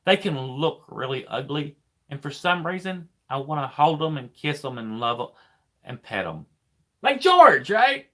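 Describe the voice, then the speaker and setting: A man's voice: medium pitch, moderate pace, a bit bright. A man, a trucker hosting a casual live chat, rambling and repeating himself as he talks. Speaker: trucker and channel host.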